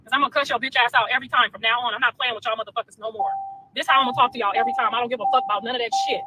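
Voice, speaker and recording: A woman's voice: a little high, steady tone, very fast, bright, forceful tone. A woman ranting profanely on a livestream from inside a car, combative and cursing. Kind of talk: heated livestream rant. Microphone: phone. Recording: noisy phone stream.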